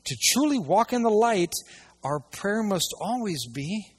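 A man preaching a sermon to a church audience, swinging between hushed asides and loud, emphatic passages. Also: high voice, sing-song, a little slow, slightly rough. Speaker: pastor.

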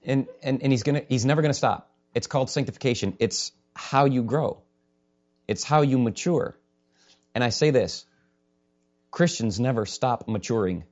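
A man's voice: medium pitch, moderate pace, a little mellow. A male pastor preaching an impassioned sermon, sometimes raising his voice to a holler. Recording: dull lo-fi recording.

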